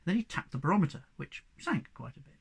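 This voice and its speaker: A man narrating a children's storybook in an expressive, animated way. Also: fairly high pitch, quick pace, gravelly, slightly rough. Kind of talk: storybook reading.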